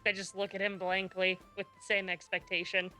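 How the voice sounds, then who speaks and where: Woman player, crisp bright tone, insistent, soft music under it. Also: medium pitch, monotone, fairly quick, rough recording. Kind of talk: tabletop role-play.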